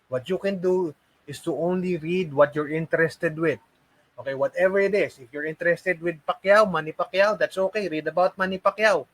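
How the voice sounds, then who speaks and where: A man in his forties talks through a casual training lesson for call center hopefuls. His voice sits slightly high for a man, and he keeps pausing to ask "okay?" between restarts and fillers. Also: low-quality recording.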